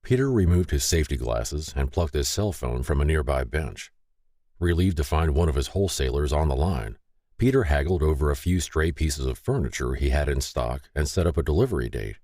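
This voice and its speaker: A man reads an audiobook with a deep voice that moves expressively up and down. His delivery is scripted and storytelling. The sound is close and completely dry. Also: animated, brisk, mellow, dry recording. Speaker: audiobook narrator. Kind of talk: scripted narration.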